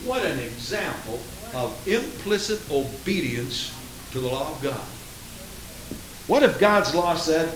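A man preaches with high, lively intonation, swinging between loud outbursts and hushed asides. His voice rings through a big echoey hall, picked up from a distance. A faint hiss runs underneath. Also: slow pace. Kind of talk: sermon.

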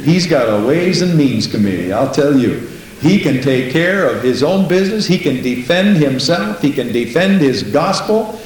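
A man's voice: expressive, moderate pace, a little mellow. A man preaching a sermon, telling stories in an emphatic way and often repeating a short phrase of praise. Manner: emphatic, repeats "Praise the Lord", big pitch swings. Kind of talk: sermon with storytelling. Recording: very echoey room with faint hiss.

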